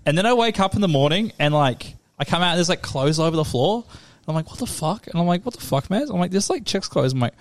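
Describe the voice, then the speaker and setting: A man's voice: fairly high pitch, expressive, quick pace. A man co-hosting a podcast, telling a crude story with lots of swearing and laughter. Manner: swears a lot, laughs while telling stories. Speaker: podcast co-host. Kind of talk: casual podcast chat.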